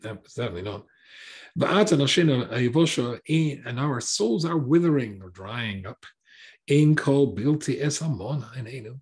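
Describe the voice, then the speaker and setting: A man's voice: mid-range voice, darkish tone. A man teaching a Torah class as a rabbi, translating line by line with wry, sarcastic asides and hesitant restarts.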